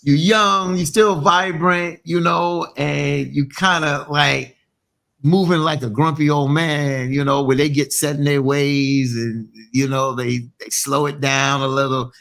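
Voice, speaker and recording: An easygoing man muses aloud in a casual podcast chat. His voice is somewhat high for a man and carries a gravelly rasp. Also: steady tone, measured pace, fairly bright tone. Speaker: podcast co-host.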